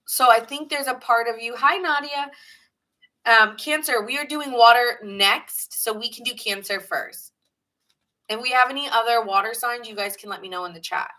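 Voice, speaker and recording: A woman's voice: on the high side, normal speed, bright, forceful tone, low-quality recording. A woman from New York with a New York accent, giving a chatty, rambling live tarot reading and greeting viewers in the chat. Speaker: tarot reader.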